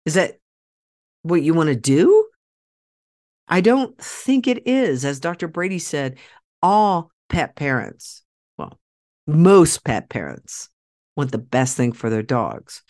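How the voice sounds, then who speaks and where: A woman's voice: low-pitched, sing-song, slow, long pauses, darkish tone. A woman hosting a podcast, talking straight to her listeners in a persuasive monologue, emphatic and repeating key phrases for force. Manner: direct address to listeners, rallying tone. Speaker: podcast host.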